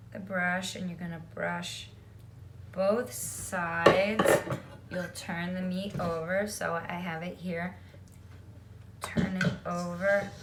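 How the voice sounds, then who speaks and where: A woman's voice: on the low side, reverberant, heavy background noise. A woman giving a casual cooking demonstration in her home kitchen, chatty and often checking in with "okay?". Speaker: home cook.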